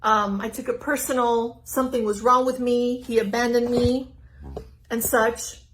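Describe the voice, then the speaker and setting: A middle-aged woman speaks with earnest warmth and a lively, fairly high voice, the way a spiritual teacher does on a live stream. She talks straight into a phone propped in front of her and laughs easily. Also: a little slow, a little hiss or hum, low-quality recording. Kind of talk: heartfelt live-stream talk. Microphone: phone on a stand.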